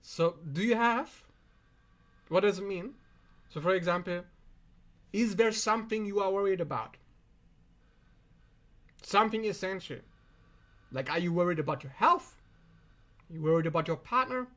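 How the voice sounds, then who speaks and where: A man's voice: high voice, animated, moderate pace, pauses often, a bit bright. A man who is not a native English speaker, giving an emphatic, profane self-help monologue straight to the viewer. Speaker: self-help video host. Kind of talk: direct-to-camera monologue.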